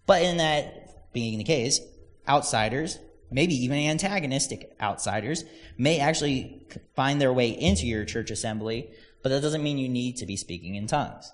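A man preaching in a relaxed, conversational way, slipping into little acted-out voices as he tells a story. His voice sits at an ordinary middle pitch, and long reverb trails each phrase in the church hall. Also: normal speed. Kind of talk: casual sermon.

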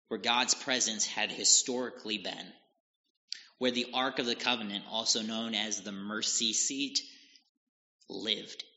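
Slow-speaking male preacher in a reverberant hall. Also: medium pitch, sharp tone. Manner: slow, deliberate reading and retelling of scripture. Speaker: pastor. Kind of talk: sermon. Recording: dull lo-fi audio with long hall reverb.

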